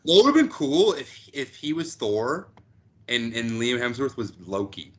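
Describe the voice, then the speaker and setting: A man's voice: mid-range voice, big pitch swings, a little slow, heavy background noise. A man co-hosting a casual chat, blunt and swearing. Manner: blunt, swears, says "bro" and "eh". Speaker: podcast co-host.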